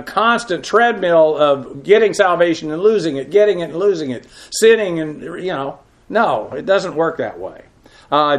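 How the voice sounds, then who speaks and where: A middle-aged man giving a teaching sermon on scripture, explaining Greek grammar with frequent filler "uh"s. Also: high-pitched. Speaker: Bible teacher.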